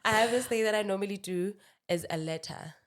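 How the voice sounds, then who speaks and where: A woman's voice: medium pitch, brisk. A woman hosting a podcast interview, attentive and affirming. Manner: attentive, affirming, frequent murmurs of agreement. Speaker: podcast host.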